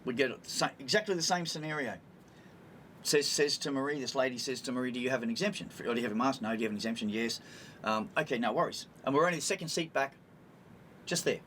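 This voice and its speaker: A man's voice: mid-range voice, fast talker, fairly bright tone, a little hiss or hum. An older man with an Australian accent, co-hosting a casual chat and telling a rambling, exasperated story. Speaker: podcast co-host.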